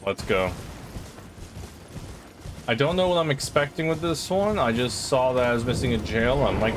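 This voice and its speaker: A man's voice: mid-range voice, normal speed, long pauses, background noise. Chatty man narrating his gameplay. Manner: chatty, rambling, self-talk with excited outbursts. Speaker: gaming channel host. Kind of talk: casual gameplay commentary. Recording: game music playing behind. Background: game music.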